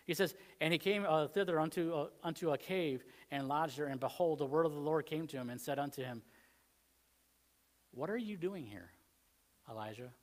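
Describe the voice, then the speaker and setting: A man's voice: a little high, fast talker, few pauses. A man with a Southern American accent preaching a sermon in a conversational way, acting out the quoted lines. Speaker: pastor.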